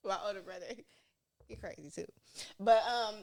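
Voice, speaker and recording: A young woman hosting a casual podcast chat with her mother, talking in a lively, storytelling way and laughing often. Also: medium pitch, a little slow, gravelly, long pauses, a little hiss or hum. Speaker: podcast host.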